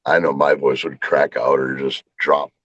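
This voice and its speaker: A man guesting on a podcast in casual chat, with a very deep voice and a laid-back, low-key way of talking. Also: level tone, normal speed, fairly bright tone, husky, no echo, highs cut off. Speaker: guest content creator.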